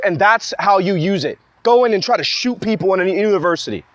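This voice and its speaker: Young guy ranting heated, high voice, keeps restarting his sentences. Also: animated, a little fast, few pauses, no room sound. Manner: agitated, rambling, full of restarts. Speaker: vlogger ranting to camera. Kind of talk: heated personal monologue.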